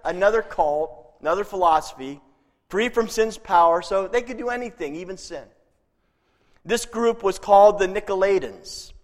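A male pastor preaching a sermon in a chatty way, chuckling at his own jokes. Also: high voice. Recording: long reverb from a hall.

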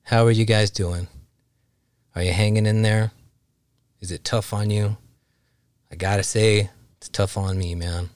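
A man with a very low voice hosts his own podcast, speaking candidly and with some strain of emotion. He rambles loosely, leaning on fillers as he talks. The sound is dry and close, with no room around it. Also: fairly even intonation, a little slow, pauses often, a little mellow, no room sound. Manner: candid, rambling, heartfelt, many "you know" fillers. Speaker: podcast host. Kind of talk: casual solo podcast talk.

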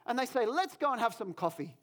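High-voiced man preaching a sermon. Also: quick pace. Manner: animated, self-deprecating storyteller. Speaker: pastor. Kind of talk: sermon with personal storytelling.

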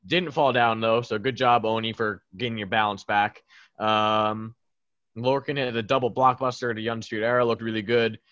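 A man's voice: on the low side, steady tone, normal speed, fairly bright tone, no room sound. Guy co-host rambling about wrestling, lotta ums, muffled lo-fi dry mic. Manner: rambling and chuckling, with lots of ums. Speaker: podcast co-host. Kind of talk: casual wrestling recap chat. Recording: dull lo-fi mic.

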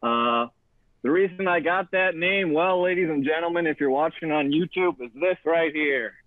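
A man's voice: a little high, unhurried, no room sound. Goofy young man on a tinny line. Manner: goofy, energetic, jokey announcer bits. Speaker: guest. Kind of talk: casual chat. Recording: dry tinny phone-like line.

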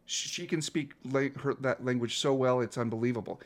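Earnest man in his fifties, coach being interviewed, reflective delivery, mid pitch. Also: a little fast. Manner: earnest, reflective, with frequent restarts. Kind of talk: interview guest telling a story.

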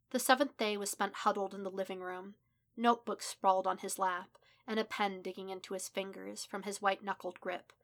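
Soft-spoken woman narrating a story. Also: mid-range voice, gravelly. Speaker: podfic reader. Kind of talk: audiobook fan fiction narration.

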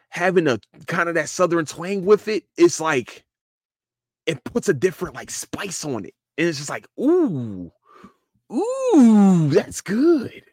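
Animated man with a dry close sound. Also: on the high side, dry recording. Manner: animated, profane, repeats and restarts a lot. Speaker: podcast host. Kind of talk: casual solo podcast rant.

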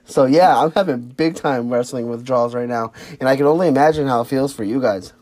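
Man, interviewer, relaxed casual chat, lots of "you know", mid-pitched voice. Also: fairly quick.

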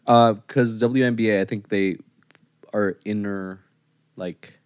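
A man's voice: fairly low pitch, fairly even intonation, takes it slowly, clean tone, dry recording, clean studio sound. A man co-hosting a podcast in casual chat, playful and laughing often. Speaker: podcast co-host.

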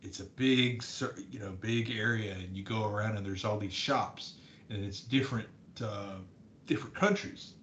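A man's voice: normal speed, a bit bright, highs cut off. Rambling man in an echoey room. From Southern United States. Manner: rambling, with many restarts and ums. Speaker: podcast co-host. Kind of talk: casual chat. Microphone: desk microphone. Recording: echoey room with faint rumble.

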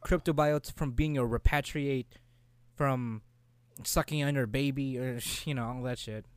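A young man in casual, profane chat about a video game, rambling and breaking into quick character voices. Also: medium pitch, steady tone, clean tone, dry recording.

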